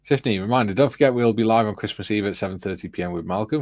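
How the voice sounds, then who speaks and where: Low-voiced man reading out chat. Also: racing, hardly any pauses, a little mellow, dry recording. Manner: reads viewer chat messages aloud. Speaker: livestream host. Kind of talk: casual live chat.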